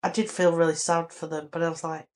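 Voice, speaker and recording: A woman co-hosting a casual book chat, retelling scenes in a chatty, animated way. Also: sits low, quick pace. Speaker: podcast co-host.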